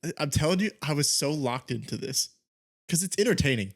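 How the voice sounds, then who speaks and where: A man's voice: on the high side, animated, brisk, creaky. A man co-hosting a podcast in casual chat, laughing often as he tells stories. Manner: chatty, laughs often while telling stories. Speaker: podcast co-host.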